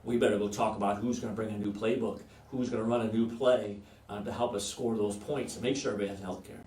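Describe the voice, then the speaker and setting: A man's voice: on the low side, fairly even intonation, fast talker, a little mellow, recorded from a distance. A man running for office hosts a virtual town hall, speaking off the cuff with many fillers and restarts over a video call. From Iowa. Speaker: political candidate hosting a virtual town hall. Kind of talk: unscripted campaign speech. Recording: roomy echo, off-mic.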